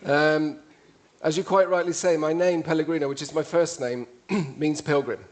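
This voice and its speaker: A man's voice: a little high, steady tone, normal speed. A man with an English accent giving a witty, conversational public talk to an audience. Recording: played from a video.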